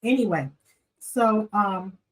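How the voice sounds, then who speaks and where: Woman, casual vlog chat, opinionated, animated, mid-pitched. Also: slow, rough recording. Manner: animated and opinionated, talks straight to viewers. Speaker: reality TV recap vlogger.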